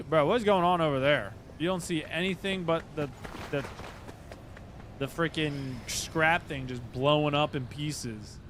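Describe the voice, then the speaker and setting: Chatty gaming streamer man, noisy audio. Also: on the high side. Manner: chatty, greets viewers by name, excitable bursts. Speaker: livestream host. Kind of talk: casual live game-stream chat. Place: at work, indoors.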